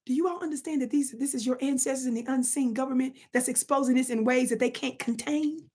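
Middle-aged woman vlogger, breathy tone, high register, emphatic and chatty with her audience. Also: fast talker, warm tone. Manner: emphatic, talks straight to viewers as y'all. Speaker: political commentary vlogger. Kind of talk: casual direct-to-camera commentary.

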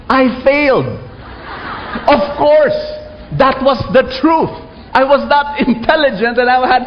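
A man's voice: fairly high pitch, slight background noise. A man with a Filipino accent preaching a sermon to a live audience, drawing them into call-and-response. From Philippines. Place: large hall with a live audience. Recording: echoey hall, muffled sound.

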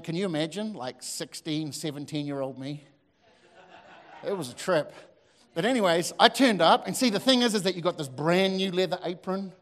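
A man, preaching a sermon as a pastor, telling lively stories with asides to the congregation. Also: high-pitched. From New Zealand. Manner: animated storytelling with asides to the audience. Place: church hall. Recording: long hall reverb.

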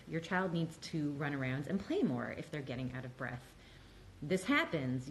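Emphatic woman counselor, slightly low voice. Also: slight background noise, rough recording. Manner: emphatic, frequent "like" and "right?". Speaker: mental health counselor. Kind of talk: casual talk to camera.

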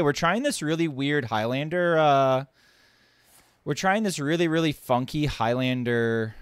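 A man's voice: a little high, unhurried, clean tone, dry recording, studio quality. A man streaming a card game, thinking aloud and joking as he plays. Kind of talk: casual gameplay commentary.

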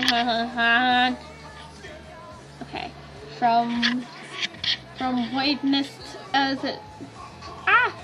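A woman's voice: high voice, rough recording. A woman talking casually to camera in a rambling vlog, giggly and scatterbrained, often laughing at herself. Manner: giggly, scatterbrained, self-mocking. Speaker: vlogger.

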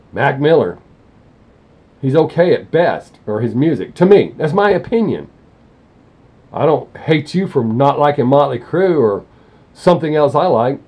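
A man's voice: a little high, breathy edge, muffled recording. A man hosting a music reaction channel, talking bluntly and rambling, often correcting himself mid-sentence. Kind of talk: casual opinionated talk to camera.

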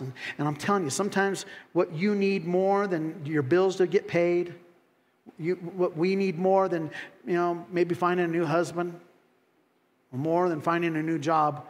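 A man preaching a sermon in a church. He is animated, acts out the voices of critics with sudden loud, high rises, and drops in folksy asides and laughs. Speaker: pastor. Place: church sanctuary. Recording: long hall reverb.

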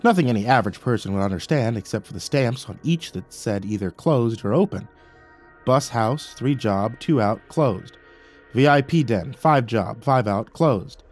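Male horror narrator, measured and dramatic, faint music underneath. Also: medium pitch, lively intonation. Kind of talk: scripted horror story narration.

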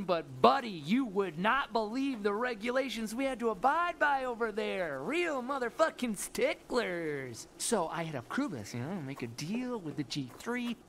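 An actor playing a sleazy, smooth-talking alien male resort CEO in a video game, with slick, conspiratorial salesman patter. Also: high voice, fairly bright tone, a little hiss or hum, exaggerated voice.

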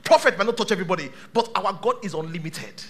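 A male pastor preaching a sermon to a live church congregation, dramatic, swinging from shouts to hushed tones. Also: high voice, expressive, fast talker.

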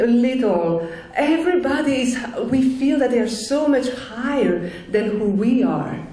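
A woman telling the story of her near-death experience in an earnest testimony talk, slow and full of restarts and fillers. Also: a little high, mellow, heavy reverb, poor audio.

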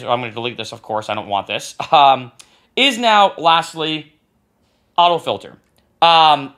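Bright fairly high guy walking thru music software, casual, keeps saying right. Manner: casual, talks while clicking, says "right?" often. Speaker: music production tutor. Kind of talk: screen-recorded software tutorial.

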